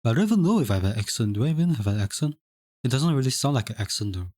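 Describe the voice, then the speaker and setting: Very fast, with big swings in pitch around a medium center, a young man with a light Singaporean English accent chats loosely on a live stream, reading messages aloud and often restarting or stammering. His tone is a little mellow, captured in a clean studio with no echo.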